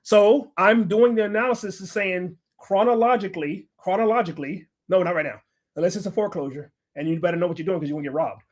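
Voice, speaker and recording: A man's voice: high-pitched, fast. A man in his forties from the United States, ranting bluntly and profanely in heated livestream commentary. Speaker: livestream host, general contractor.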